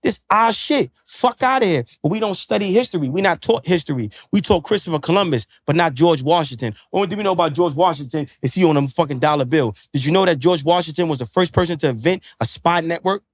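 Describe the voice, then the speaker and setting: A man's voice: on the high side, fast talker, hardly any pauses, dry recording, clean studio sound. A man who is a podcast guest, lecturing in casual chat with emphatic, profane street slang. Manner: preachy, lecturing.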